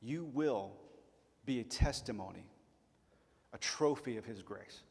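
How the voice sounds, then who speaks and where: A man from Chattanooga preaching a sermon as pastor, earnest and emphatic, slowing down to stress key words. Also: mid-range voice, expressive, vocal fry, a little mellow, slightly rough, in a large hall. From Chattanooga, Tennessee. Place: church sanctuary.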